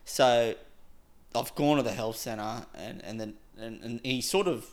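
A man's voice: medium pitch, a little slow. A young man casually telling a story on a podcast, rambling with lots of "like" and frequent laughs.

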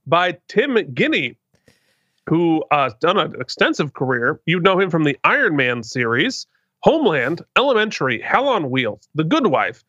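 A man's voice: on the high side, pushed and bright, dry recording, muffled recording. A man hosting a podcast, chatting casually in a wry, self-mocking way. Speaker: podcast host. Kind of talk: casual chat.

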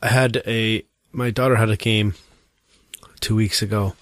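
A man who coaches youth soccer, chatting casually and telling an animated story, acting out other people's lines. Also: on the low side, unhurried, no echo, clean studio sound. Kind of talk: casual chat.

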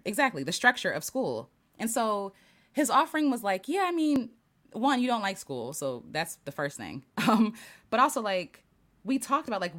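A woman hosting a casual live stream, her voice climbing and dipping with lively pitch as she thinks aloud. She laughs easily and restarts her sentences often, in a warmly chatty, reflective way. She reads out viewer comments as she goes. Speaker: livestream host.

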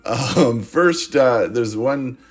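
A man's voice: mid-range voice, lively intonation, very slow, soft background music. A man hosting a podcast, reviewing a movie in a sarcastic, rambling comic monologue. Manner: sarcastic, rambling, swears casually.

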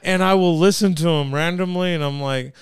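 A man's voice: high voice, fairly quick, smooth. A man hosting a show, talking in crude, rowdy, teasing banter. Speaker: show host.

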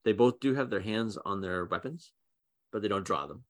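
A man narrating a tabletop game as game master, relaxed and loose with fillers. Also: lowish voice, moderate pace.

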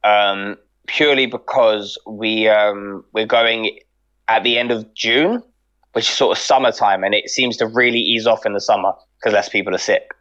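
A man's voice: fairly low pitch, steady tone, moderate pace, fairly bright tone, muffled recording. A young man, chatting casually and jokily among friends in a slangy, argumentative way.

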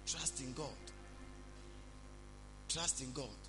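A man preaching a sermon, speaking calmly and reassuringly to his congregation. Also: mid-range voice, drawn-out words, music in the background, rough recording. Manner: preaching, shifts from loud prayer to calm counsel. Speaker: pastor.

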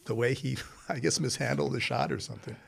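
A man with a gravelly, fry-edged voice hosts a relaxed conversation. He spins long stories, doubling back, restarting and piling on asides. His pitch sits right in the middle of the male range. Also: brisk. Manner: rambling, animated anecdotes with restarts. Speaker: host. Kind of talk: casual storytelling chat.

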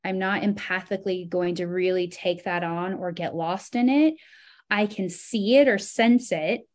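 A woman talking as a podcast guest in casual chat, animated and expressive, her pitch swinging up when she recounts feelings. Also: unhurried.

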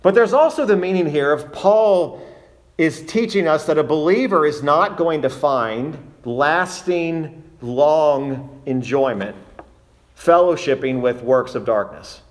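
A man preaching a sermon, reading scripture aloud and then explaining it earnestly, slowing down and leaning on key words. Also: on the high side, lively intonation. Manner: earnest, emphatic, rises and slows on key words.

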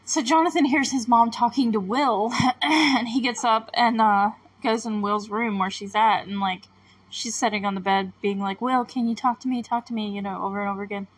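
A woman's voice: mid-range voice, steady tone, moderate pace, poor audio. A woman hosting a TV recap podcast, talking casually and rambling with lots of filler words. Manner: chatty and rambling, full of fillers.

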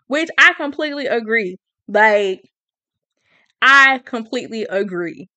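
A woman's voice: fairly high pitch, expressive, unhurried, bright, forceful tone, no echo. A woman casually recapping a story in an emphatic, opinionated, slangy way.

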